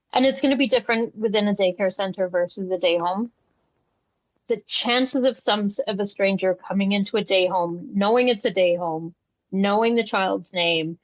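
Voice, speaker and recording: A woman with a medium-pitched voice co-hosts a relaxed podcast conversation, drawing on her life as a day home provider for animated stories in which she acts out voices. The recording sounds dull, dry and lo-fi.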